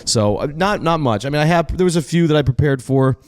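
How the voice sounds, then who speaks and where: A man's voice: fairly high pitch, lively intonation, brisk. A man talking as a podcast guest in casual chat, rambling through profane, self-deprecating stories.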